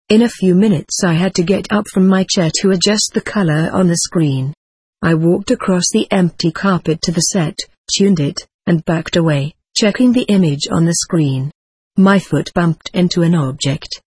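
A man reading a first-person account as audiobook narration, in a steady, measured way. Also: high voice, breathy edge, no room sound.

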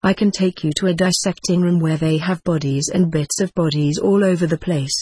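A blunt, generous middle-aged doctor who speaks his mind plainly, as the reader puts him on. The voice is husky and sits at a middle pitch, recorded close and dry. This is storybook reading, the figure barely set apart from the narrator. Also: fairly even intonation, normal speed, a little mellow, dry recording, close to an everyday voice. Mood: firm. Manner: forthright, plain-spoken.

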